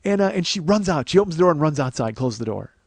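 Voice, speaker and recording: A man in his forties, hosting his podcast and telling a raw, profane story that swings from hushed and tearful to loud and laughing. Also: on the high side, big pitch swings, fast talker, vocal fry, no echo. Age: 40s. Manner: profane, rambling with many restarts. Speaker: podcast host. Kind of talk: confessional comic storytelling.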